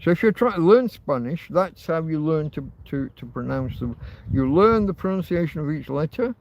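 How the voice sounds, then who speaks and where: A man's voice: a little high, lively intonation, normal speed, muffled recording. A man hosting a livestream, chatting in a rambling, casual way, thinking aloud with frequent ums and false starts. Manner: meandering, thinks aloud with many ums and restarts. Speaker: livestream host. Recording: faint background noise.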